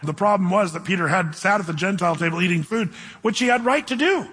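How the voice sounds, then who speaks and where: Male pastor, high husky voice, emphatic sermon, long hall reverb. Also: quick pace, fairly bright tone. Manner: preaching with emphatic scripture reading and asides.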